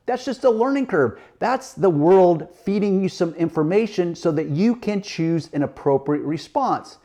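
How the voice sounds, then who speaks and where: A man in his fifties, a detailing instructor giving a motivational tutorial, lively and acting out imagined reactions. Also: high voice, moderate pace. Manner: animated, quotes imagined reactions with "whoa".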